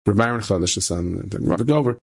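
A man's voice: brisk, vocal fry, slightly rough. A man, a rabbi, telling a story with a moral lesson in a conversational way, repeating phrases for emphasis. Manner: conversational, repeats phrases for emphasis, rising pitch when animated.

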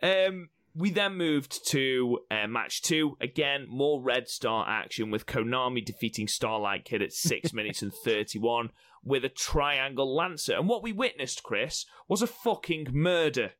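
A man's voice: mid-range voice, lively intonation, a little slow, fairly bright tone. A young man co-hosting a casual podcast chat, teasing and swearing freely. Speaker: podcast co-host.

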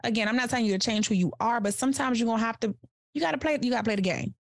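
A woman life coach giving casual podcast advice in a direct, animated way, acting out little examples as she talks. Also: on the high side, very fast, no room sound, studio quality. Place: studio couch.

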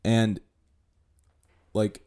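A man co-hosting a podcast, relaxed in casual chat and telling stories. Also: drawn-out words. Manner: relaxed storyteller with frequent laughs. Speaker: podcast co-host.

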